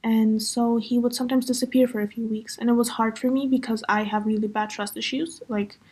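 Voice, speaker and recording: A woman's voice: a little high, steady tone, fairly quick, darkish tone, breathy edge. A young woman hosting a podcast, chatting casually through a personal story with lots of fillers. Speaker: podcast host.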